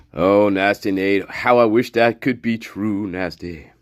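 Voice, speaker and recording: A man's voice: on the low side, slow pace, no echo, studio quality. A man hosting a livestream, reading chat and ranting with scorn and heavy swearing. He laughs often and trails off into mutters. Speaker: livestream host.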